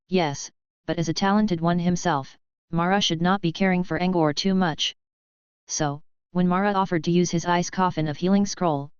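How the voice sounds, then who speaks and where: Very clear, low-voiced woman narrating. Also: darkish tone, no room sound, highs cut off. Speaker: audiobook narrator. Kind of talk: scripted narration.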